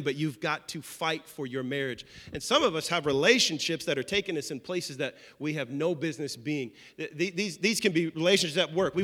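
A man preaching a sermon as pastor, conversational and animated with playful asides. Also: fairly high pitch. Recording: long reverb of a large hall.

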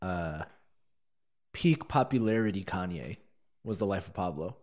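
A man in relaxed conversation who thinks out loud, pausing and reaching for the right phrase. His delivery is easygoing and full of fillers. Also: low-pitched. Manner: laid-back, hesitant, searches for words with many fillers. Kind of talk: casual podcast chat.

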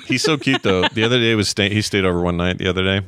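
A man's voice: lowish voice, fast, clean tone, no echo, clean studio sound. A middle-aged man co-hosting a podcast in casual chat, joking and telling rambling stories. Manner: jokey, rambling, animated storytelling. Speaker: podcast co-host.

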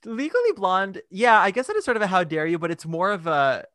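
A man co-hosts a casual podcast chat in a lively way. He acts out little quoted reactions and leans on "like". His voice is bright, and the sound is dry and close. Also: high voice, brisk, no room sound. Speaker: podcast co-host. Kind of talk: casual chat about musical theatre.

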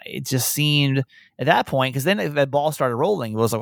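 A man's voice: a little high, quick pace, creaky, dry recording, studio quality. A young adult man co-hosting a podcast, talking candidly in a casual chat and pushing with frank questions. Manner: candid, animated, talks in bursts with restarts. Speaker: podcast co-host.

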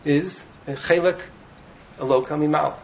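Animated man teaching, slightly high voice. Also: measured pace, gravelly, highs cut off, slight background noise. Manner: animated, keeps checking in with "right?". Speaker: rabbi teaching in a yeshiva. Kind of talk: Torah talk. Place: study hall.

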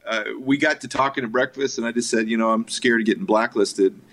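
A man's voice: medium pitch, brisk. A man, a filmmaker guest, telling stories in a casual interview, full of fillers and quoted voices. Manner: animated anecdotes with quoted voices, frequent fillers.

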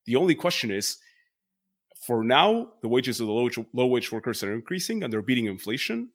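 A man explaining economics as a podcast guest, quick and hedging, full of "like" and restarts. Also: medium pitch, sing-song. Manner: quick, hedging with many fillers. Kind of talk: casual explanatory talk.

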